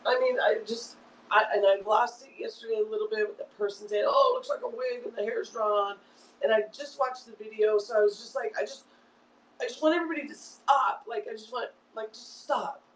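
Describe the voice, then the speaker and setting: A woman's voice: fairly high pitch, steady tone, brisk, reverberant, far from the mic, low-quality recording. Heated fifties woman streamer, swears, repeats herself, sits away from the mic with faint hiss. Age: 50s. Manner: angry, repetitive, swearing. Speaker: online show host. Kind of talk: emotional livestream rant.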